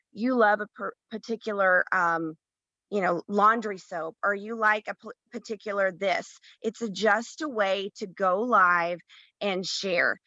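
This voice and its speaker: Bright, chatty woman co-host, encouraging and self-deprecating, dry lo-fi call audio. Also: medium pitch, no room sound. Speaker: round-table co-host. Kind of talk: casual chat.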